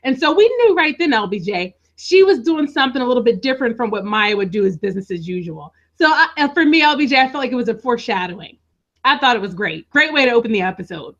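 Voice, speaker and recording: A woman's voice: on the high side, very animated, quick pace, fairly bright tone, dull audio. A woman co-hosting a live TV recap, talking enthusiastically and addressing her co-host again and again.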